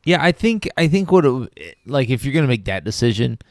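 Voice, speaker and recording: A man's voice: mid-range voice, very animated, brisk, no echo, studio quality. A man co-hosting a podcast, hesitant and agreeable in casual movie review chat. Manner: hesitant, agreeable, laughs easily. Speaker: podcast co-host.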